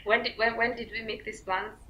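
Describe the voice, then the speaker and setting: A young woman telling a storytime to her vlog viewers, full of fillers and likes, acting out quotes in a high squeaky voice. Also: level tone, a little fast, a bit bright. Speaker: vlogger. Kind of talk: casual storytime chat. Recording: dull lo-fi recording.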